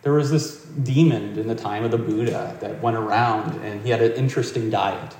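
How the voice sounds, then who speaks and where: A man giving a reflective meditation talk in a gentle, conversational way, telling a story as he goes. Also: lowish voice, steady tone, moderate pace, slight background noise. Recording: roomy hall, distant mic.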